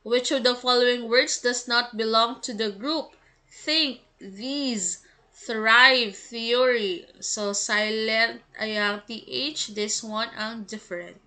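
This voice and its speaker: Woman, English teacher, slow careful diction, bright clear tone, slightly high voice. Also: steady tone. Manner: slow, deliberate, enunciates each word. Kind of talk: reading quiz items and answers.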